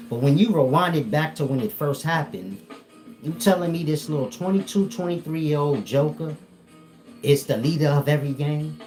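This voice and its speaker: A man's voice: on the high side, moderate pace, a little mellow, faint music behind. A man with an African American Vernacular English accent, speaking as a spiritual teacher to a live audience, blunt, profane and joking.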